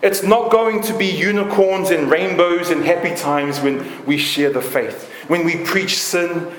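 High-voiced New preacher, echoey room. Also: male voice, a little hiss or hum. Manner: passionate, emphatic preaching with list-like repetition. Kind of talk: sermon.

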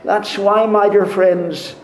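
A man preaches a sermon in a very high voice, taking his time over each phrase. He keeps putting rhetorical questions to his listeners. His voice rings in an echoey room. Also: level tone, a little hiss or hum. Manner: deliberate, repeats rhetorical questions to the congregation.

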